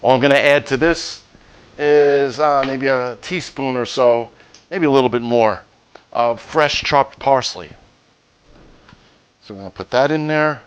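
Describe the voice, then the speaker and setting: A man hosting a home cooking demonstration, talking through each step in a relaxed, jokey way with the odd pun. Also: medium pitch, unhurried, long pauses, clean tone. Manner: relaxed, jokey, cracks puns. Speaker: cooking show host.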